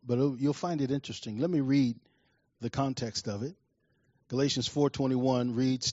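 A man from Washington, D.C. preaching a sermon, telling personal stories with lively acted-out scenes and dropping to a soft, quiet tone when he reflects. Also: mid-range voice, normal speed, dry recording, dull audio. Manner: animated storytelling, acts out scenes loudly.

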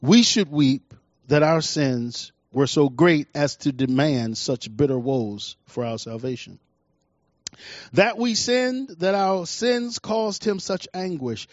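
A middle-aged male preacher with a somewhat high voice delivers a sermon, repeating his key lines for emphasis. He swings from quiet, intimate passages to loud, pressing ones. The recording is dry and slightly muffled. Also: lively intonation, takes it slowly, dry recording.

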